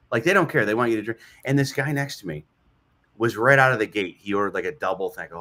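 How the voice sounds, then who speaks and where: A man's voice: lowish voice, racing. A man, a comedian guest, chatting casually and telling funny stories, acting out the voices of the people in them. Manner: animated, acts out voices in his stories.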